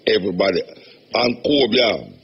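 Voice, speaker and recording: A man with a Jamaican accent hosting a radio talk show, speaking patois in an animated, laughing way. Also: fairly low pitch, normal speed, creaky, husky, lo-fi sound. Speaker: radio host.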